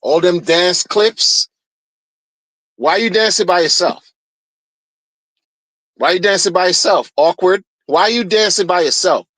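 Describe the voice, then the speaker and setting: A man's voice: sits high, a little slow, long pauses, fairly bright tone, no echo, low-quality recording. A man ranting in a heated, mocking way, repeating phrases to drive his point home. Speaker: streamer ranting commentary. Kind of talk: casual rant.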